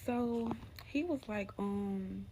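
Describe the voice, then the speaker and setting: A woman's voice: mid-range voice, takes it slowly, noisy background. A young woman from Alabama, casually telling a true spooky story straight to her viewers. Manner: chatty, addresses viewers as y'all, drops to a hushed tone for spooky parts. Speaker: storyteller, channel host.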